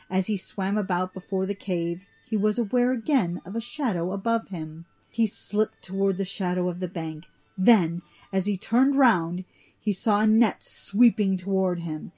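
A woman reads an old myth aloud at a steady, deliberate pace. Her narration is even and plain, with a few small restarts. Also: medium pitch. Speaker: storyteller. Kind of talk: storybook reading of a myth.

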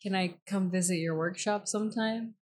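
A woman's voice: mid-range voice, normal speed, a little mellow. A woman playing a tabletop game, casual and playful. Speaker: player.

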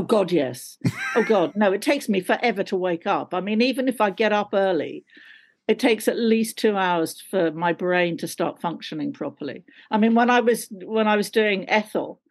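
A woman talking on a video call as a guest actor. She laughs often and is chatty and self-deprecating. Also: mid-range voice. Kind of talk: casual interview chat.

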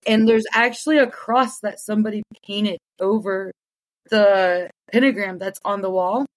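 A woman guest in casual conversation, talking excitedly with many "like" fillers. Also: medium pitch, moderate pace, no echo, poor audio.

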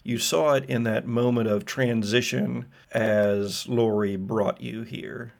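Man, game master, tabletop narration, vivid description, gravelly. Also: medium pitch, fairly even intonation, slow pace.

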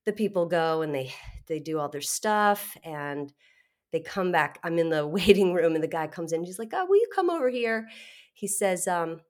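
Appearing as an interview guest, a middle-aged woman with a low voice shares her story openly and with energy. She laughs between phrases and is quick to restart her sentences.

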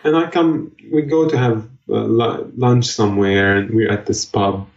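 A man's voice: on the low side, measured pace, far from the mic. A man chats on a podcast, telling long, joking stories. His voice sits a step back from the mic in a roomy space, with a dull, muffled tone. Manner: rambling storyteller, joking. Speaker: podcast co-host. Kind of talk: casual chat.

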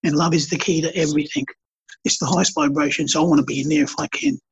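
A man's voice: a little high, sing-song, fast, creaky, slightly rough, low-quality recording. A man, a podcast guest who tells stories and talks about spirituality in a passionate, preachy way. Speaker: podcast guest, artist and healer. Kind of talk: casual spiritual conversation.

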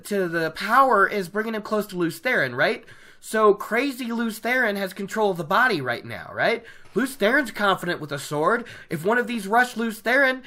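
A host giving a casual book recap, animated and opinionated, laughing often. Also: mid-range voice.

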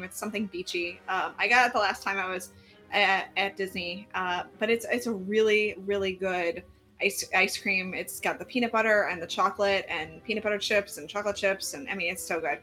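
Bright-voiced female podcast co-host. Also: medium pitch, a little fast, faint music behind. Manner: rambling, filler-heavy chat. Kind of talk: casual podcast chat.

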